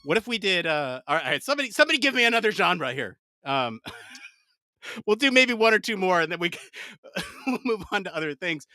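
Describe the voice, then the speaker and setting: A man's voice: high-pitched, fairly quick, no room sound, studio quality. A man hosting a live podcast, chatting casually and mumbling to himself while he sets something up. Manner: excitable, loud outbursts, then mumbling while typing prompts. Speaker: podcast host. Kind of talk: casual live-stream chat.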